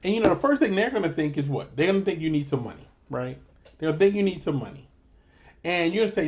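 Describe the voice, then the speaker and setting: A fairly high-voiced man leads a sales training session over a video call. He coaches with emphasis and circles back to repeat his points. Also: expressive, quick pace.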